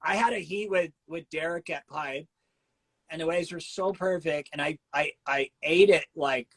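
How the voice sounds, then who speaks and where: Middle-aged male host, lively storyteller, slightly high voice, laughs a lot. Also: poor audio. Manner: animated storyteller, acts out quotes, laughs often. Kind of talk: casual storytelling interview.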